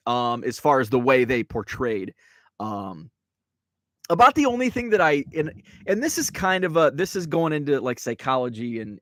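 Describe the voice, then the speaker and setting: A man's voice: mid-range voice, a bit bright, no echo. A man hosting a live stream, chatting casually and reading viewer comments, full of fillers and restarts. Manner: rambling, many fillers and restarts; reads viewer chat aloud. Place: Wisconsin home.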